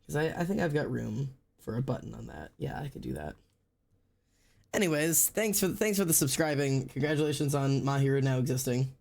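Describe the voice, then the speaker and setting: A man with a sore throat chats casually on a livestream as he draws, rambling and cursing freely in an intentionally low-energy style. His voice has vocal fry and a darkish tone.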